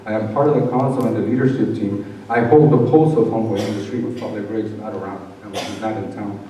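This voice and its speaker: Male speaker, animated storytelling testimony, echoey hall, distant mic. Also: fairly low pitch, fast. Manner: animated storyteller, acting out dialogue. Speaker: conference speaker. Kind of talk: personal testimony speech. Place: conference hall.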